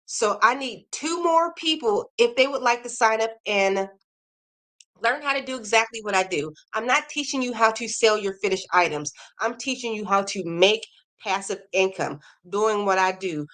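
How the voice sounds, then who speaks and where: A woman hosting a casual crochet livestream, chatting and reading viewer comments aloud with animated reactions. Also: medium pitch.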